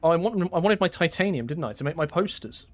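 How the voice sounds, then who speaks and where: A man's voice: fairly high pitch, animated, fast. A young man from England chatting casually on a live game stream, laughing often and answering his chat. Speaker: gaming streamer.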